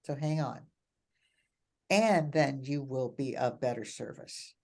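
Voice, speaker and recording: Older female mentor, low-pitched, animated and emphatic in conversation. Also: slow pace, creaky. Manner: animated, laughing, repeats phrases for emphasis. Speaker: coach and mentor. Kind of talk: reflective conversational talk.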